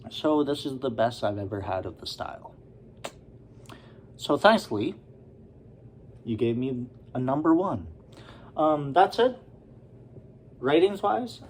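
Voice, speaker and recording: A man's voice: mid-range voice, a little mellow, slight background noise. A man doing a casual, rambling beer review, with lots of fillers and asides.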